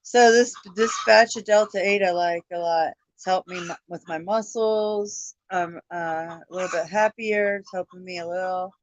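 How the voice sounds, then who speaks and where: A woman's voice: fairly low pitch, steady tone, normal speed, few pauses, no echo, muffled recording. Tired, cussing woman hosting a livestream. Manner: tired, swears often, laughs easily. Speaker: livestream host. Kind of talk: casual livestream chat.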